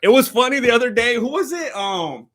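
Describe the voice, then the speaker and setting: A man's voice: very high voice, lively intonation, brisk, fairly bright tone. A young man hosting a live stream, giving casual fight commentary in a rambling, joking way that often stops and restarts mid-sentence. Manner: rambling, joking, self-interrupting.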